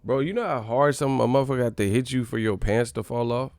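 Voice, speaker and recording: A Californian man riffing on a live stream, gravelly and rough-edged, middle-pitched. He is loud, profane and jokey, laughing as he talks, and the sound is close and dry. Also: fast talker, no echo. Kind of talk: casual live-stream chat.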